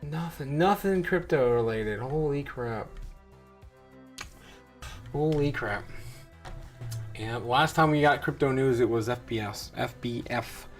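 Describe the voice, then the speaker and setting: A man's voice: mid-range voice, slow, pauses often, soft background music. A man hosting a show, giving rambling, wry, casual live commentary as he reacts to charts. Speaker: crypto show host.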